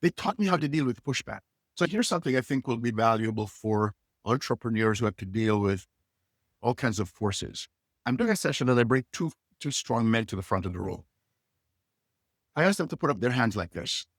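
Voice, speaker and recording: A husky-voiced middle-aged man who tells stories with big swings in pitch, jumping between characters as he acts out each line. His voice is recorded close and dry, with no room sound around it. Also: fairly quick, no room sound. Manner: acts out dialogue with lively inflection. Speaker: guest, leadership coach. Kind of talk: animated storytelling.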